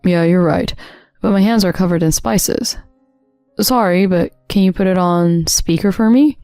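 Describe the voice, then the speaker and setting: A woman's voice: on the low side, measured pace, mellow, no room sound, studio quality, faint music behind. Woman voicing a stammering guilty husband. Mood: casual. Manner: stammering, defensive. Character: nervous, scheming husband, man.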